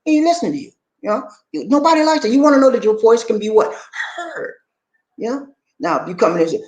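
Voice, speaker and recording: A man hosting a casual advice talk, telling stories in a lively, animated way. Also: fast, echoey room. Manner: animated storytelling with swooping pitch. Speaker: relationship video host.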